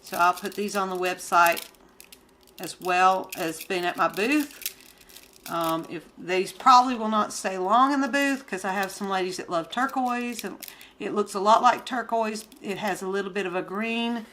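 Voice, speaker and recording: A woman's voice: mid-range voice, normal speed, a bit bright, a little hiss or hum. A woman who sells gemstones and crafts, chatting casually to her viewers as she unboxes an order and gushes over each piece. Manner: chatty, gushing, talks to viewers.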